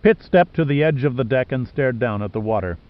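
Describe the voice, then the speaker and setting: A man reading an audiobook in steady scripted narration. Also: medium pitch, fairly quick, lo-fi sound.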